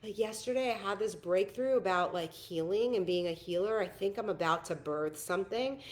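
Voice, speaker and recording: A woman's voice: medium pitch, normal speed. A woman in her thirties hosting a casual coaching call, earnest and emphatic, laughing often. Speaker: host, spiritual coach.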